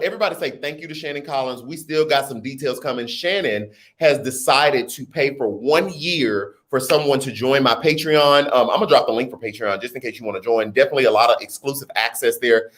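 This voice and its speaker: A man hosts a casual livestream, reading viewer comments aloud and riffing on them with laughter and slang. His medium-pitched voice is a bit bright, and he talks briskly with hardly any pauses.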